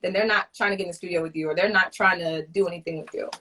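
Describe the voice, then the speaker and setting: A woman's voice: lowish voice, steady tone, racing, bright, forceful tone. A woman co-hosting a casual interview, asking playful, teasing questions. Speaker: co-host.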